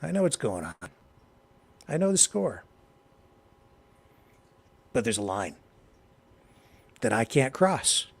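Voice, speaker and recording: A Canadian man hosting a political talk show, delivering impassioned commentary that swings from low, quiet remarks to loud, emphatic outbursts. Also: big pitch swings, slow pace, creaky, pauses often, slightly rough. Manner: heated, addresses a co-host directly.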